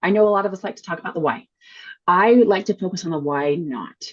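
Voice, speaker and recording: Husky, enthusiastic woman guest. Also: fairly low pitch, lively intonation, highs cut off. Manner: enthusiastic, fast, laughs easily. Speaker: guest speaker coach. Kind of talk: casual conversational interview.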